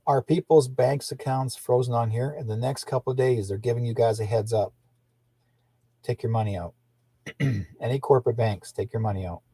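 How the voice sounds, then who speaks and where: Older man, husky, dry close mic, indignant rambling livestream talk. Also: mid-range voice, steady tone, moderate pace, warm tone, no echo. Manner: indignant, repetitive, restarts often. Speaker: livestream host.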